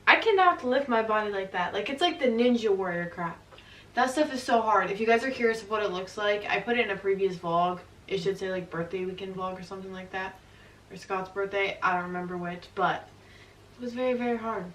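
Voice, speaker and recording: Bright, giggly young woman in a roomy echo. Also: medium pitch, brisk, recorded from a distance. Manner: chatty, giggly, lots of "like". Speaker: vlogger. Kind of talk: casual couples Q&A chat.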